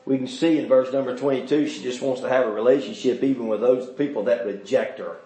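A man preaching a sermon, calling out to the congregation and asking them questions, swinging between shouting and quiet asides. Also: mid-range voice, fast, echoey room. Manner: fervent, calls out to the congregation and asks them questions.

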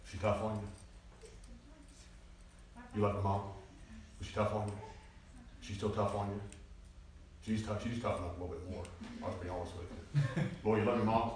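A man preaching a lively sermon, animated and prone to loud bursts and mimicking people, recorded in a church hall from a distance. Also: on the low side, quick pace, long pauses. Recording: echoey church, mic at a distance.

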